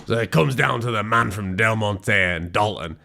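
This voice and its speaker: A man recaps a film with sarcastic, sweary deadpan. His low voice is gravelly with fry, yet it comes across bright and forceful. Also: moderate pace. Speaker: movie recap narrator. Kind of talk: sarcastic comedic movie recap.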